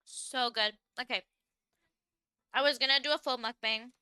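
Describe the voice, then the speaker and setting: A woman's voice: high voice, fairly even intonation, moderate pace, pushed and bright, smooth, dry recording. A young woman streamer chatting casually with viewers while she eats, filling her talk with "like". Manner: chatty, lots of "like", talking while eating. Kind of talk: casual livestream chat.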